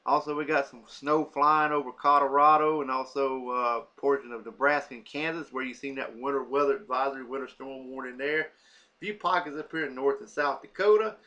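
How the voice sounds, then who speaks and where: A man's voice: medium pitch, steady tone, a little fast, bright, forceful tone, highs cut off. A man giving a casual weather forecast, reading lists of cities off a map with many fillers.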